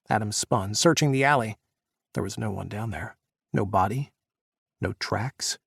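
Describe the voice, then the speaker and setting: A man narrating an audiobook, voicing the characters' shouts during the action scenes. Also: fairly low pitch, measured pace, gravelly, long pauses, husky, no room sound, clean studio sound. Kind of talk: scripted narration.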